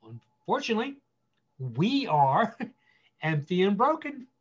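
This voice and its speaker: A man speaking as a guest pastor, giving earnest counsel with emphatic repetition, slowing down to stress key phrases. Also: high voice, big pitch swings, slightly rough, lo-fi sound.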